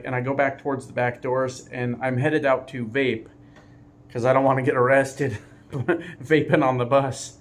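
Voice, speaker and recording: A man who drives trucks for a living, telling a story casually, often laughing and swearing lightly. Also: mid-range voice.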